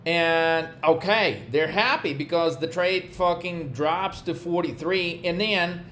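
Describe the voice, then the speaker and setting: A man's voice: on the high side, slow pace, a bit bright, a little hiss or hum. A man talking as a trading coach in a vlog, ranting bluntly with constant swearing and exasperation.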